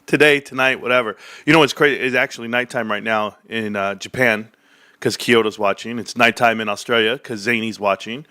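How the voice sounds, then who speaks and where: A man hosting a casual stock market livestream, ranting animatedly and swearing, jumping between loud bursts and low mutters. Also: steady tone, fairly quick, no room sound, clean studio sound.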